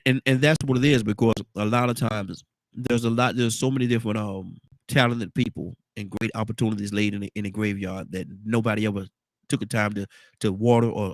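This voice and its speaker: A man's voice: mid-range voice, no echo. Guy hosting a morning talk show, stuffy nose, rambles and repeats himself, dead dry room. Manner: rambling, repeats words, folksy asides. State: congested. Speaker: radio talk show host.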